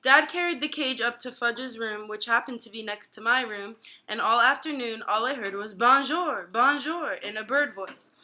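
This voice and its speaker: A woman reading a children's chapter book aloud, giving the characters lively voices. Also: on the high side. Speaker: guest reader.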